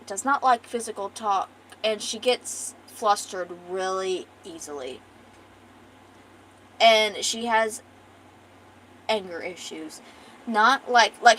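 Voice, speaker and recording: A woman's voice: mid-range voice, fairly bright tone, a little hiss or hum. A young woman streamer chatting casually and rambling with swearing while she draws. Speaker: art streamer. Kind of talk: casual chat.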